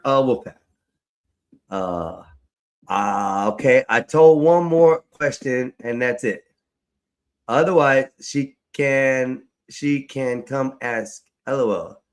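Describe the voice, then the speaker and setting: A man's voice: mid-range voice, lively intonation, slow pace. A man chatting casually to viewers on a live stream, loose and profane, rambling and talking to his audience as y'all. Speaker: livestreamer. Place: at home, fixing his hair on camera.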